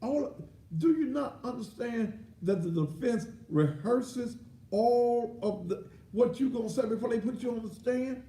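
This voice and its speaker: A man's voice: extremely high pitch, unhurried, mellow. Indignant man ranting in an echoey room. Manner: indignant, blunt, crude. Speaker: commentary show host. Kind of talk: ranting commentary.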